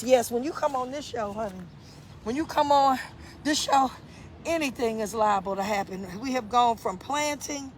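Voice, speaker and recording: A woman's voice: high-pitched, fairly bright tone, slight background noise. A middle-aged woman hosting a casual live stream from her garden, greeting viewers by name and repeating her points like a preacher. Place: outdoors in a garden.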